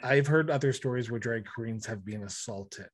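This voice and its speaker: A man hosting a podcast, asking earnest, halting interview questions. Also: medium pitch. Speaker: podcast host.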